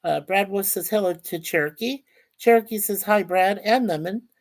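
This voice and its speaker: A man's voice: high-pitched, moderate pace. A man, possibly middle-aged, hosting a casual livestream. He chats about his picks, reads viewer comments aloud, and greets people by name, often stumbling and repeating words. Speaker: livestream host.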